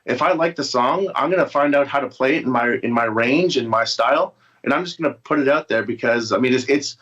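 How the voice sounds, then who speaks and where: A man's voice: medium pitch, brisk, a bit bright. A man who is a musician, chatting casually and rambling through an interview over a video call. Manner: rambling, with frequent restarts and fillers. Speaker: musician guest. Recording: dull lo-fi video call audio.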